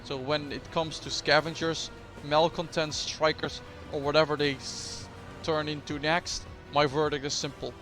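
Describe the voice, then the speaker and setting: A man's voice: on the high side, flat delivery, measured pace, hardly any pauses, music in the background, natural voice. A man voicing a stern veteran soldier who counsels his captain in a game. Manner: stern, solemn. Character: grim stern male veteran soldier adviser.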